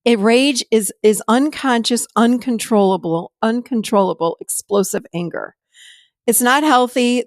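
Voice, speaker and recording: A middle-aged woman hosting a podcast, telling stories from her therapy practice in an animated way and sometimes laughing as she talks. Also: medium pitch, dry recording, studio quality. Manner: animated storytelling, laughs while talking. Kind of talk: casual chat.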